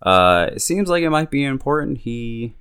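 A man's voice: mid-range voice, very animated, moderate pace, a bit bright, clear, resonant tone, no room sound, clean studio sound. A young man casually recapping a TV episode in slangy talk, chuckling now and then and acting out the characters' lines. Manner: laid-back, slangy, chuckles often, acts out characters' lines. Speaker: podcast host recapping a show. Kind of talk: casual chat.

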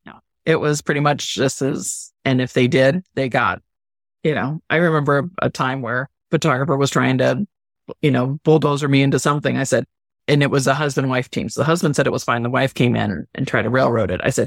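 A woman's voice: very deep voice, fairly quick, no room sound, clean studio sound. A woman hosting a casual podcast interview, chatting and often trailing off mid-sentence. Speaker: podcast host, wedding music business owner.

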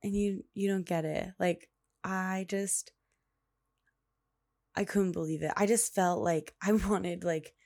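A woman's voice: lowish voice, steady tone, slow, pauses often, darkish tone, dry recording, clean studio sound. Chatty young woman hosting a podcast. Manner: chatty, rambling, full of "like" fillers. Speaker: podcast host. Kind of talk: casual storytelling podcast.

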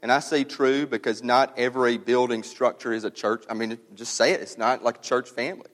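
Casual male pastor, conversational sermon, lively emphasis, long church-hall reverb. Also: mid-range voice, fairly quick. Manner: conversational, animated preaching with casual slang. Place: church sanctuary.

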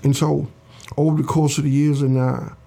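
An older man, his voice gravelly and mellow. He tells his story to an interviewer slowly and earnestly, and he acts out the voices of the people he quotes. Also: a little high, flat delivery. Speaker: interview guest.

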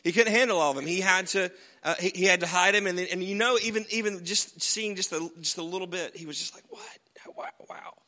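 A man's voice: sits high, fast talker, hardly any pauses, pushed and bright. A man preaching a sermon in a casual, conversational way, with jokes and frequent asides to the congregation. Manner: conversational, humorous, frequent tag questions. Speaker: pastor.

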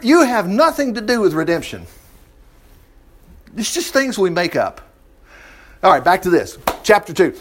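Folksy, animated male preacher. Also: on the high side. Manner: folksy, animated, reads scripture then riffs with jokes and laughs. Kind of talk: conversational Bible teaching with asides.

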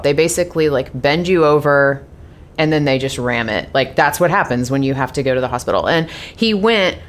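A woman in her thirties talking casually to her followers, chatty and frank, full of fillers and swearing. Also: deep voice. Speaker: vlogger sharing personal news.

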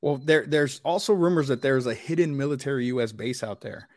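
A man co-hosting a podcast, chatting in a relaxed, rambling way with lots of filler phrases. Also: mid-range voice, a little fast, dry recording, studio quality. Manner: relaxed, rambling, many "you know"s. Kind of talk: casual chat.

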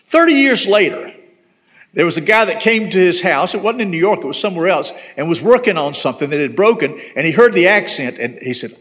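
Pastor preaching an animated sermon. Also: male voice, high voice, a little fast. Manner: earnest, ends in prayer. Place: church sanctuary.

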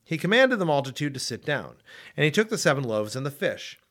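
A man reading scripture aloud in a measured, expressive way. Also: fairly high pitch. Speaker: Bible reader.

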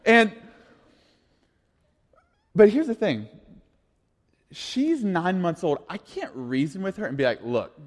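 A pastor in his thirties preaching a sermon in a casual, conversational way, moving from quiet asides to lively storytelling. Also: high-pitched, slow, pauses often. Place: church sanctuary. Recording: long reverb of a large hall.

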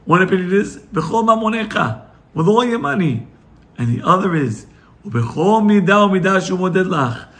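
A man, a rabbi, giving a Torah lesson, telling the story with animated, acted-out quotes. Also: on the high side, creaky. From United States. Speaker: rabbi teaching weekly Torah portion.

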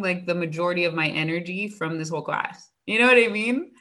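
A woman's voice: lowish voice, fairly quick, hardly any pauses. Chatty teacher woman telling class stories. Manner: animated storytelling, acts out student dialogue, frequent "like". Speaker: elementary school teacher. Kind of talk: casual chat.

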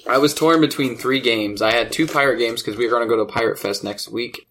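A man hosting a casual podcast, talking at an ordinary middle pitch. He tells stories in a loose, chatty way and laughs easily along the way. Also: brisk, fairly bright tone, slight background noise. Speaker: podcast host. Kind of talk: casual chat about board games.

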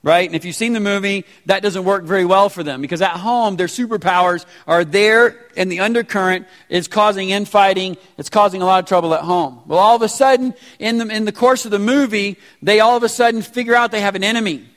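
A pastor in his forties who preaches a sermon in a casual, animated way with slangy asides. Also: sits high, fairly quick, few pauses. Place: church sanctuary. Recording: reverberant church hall.

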